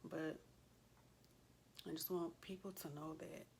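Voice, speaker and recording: A woman in her forties speaks in a low voice with a gravelly edge. She chats casually and earnestly, her voice staying fairly level. A faint hiss sits under the recording. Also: fairly even intonation, slow. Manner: earnest, heartfelt storytelling; loose, conversational with frequent fillers. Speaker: vlogger. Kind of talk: casual chat.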